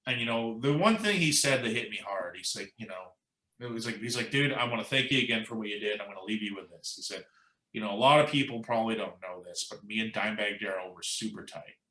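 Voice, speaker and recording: A man's voice: on the low side, fast, reverberant, rough recording. A man guest in a casual interview, telling an anecdote with lots of quoting and fillers. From United States. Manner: animated anecdote-telling, quoting others, says "like" and "you know" a lot. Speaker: musician guest.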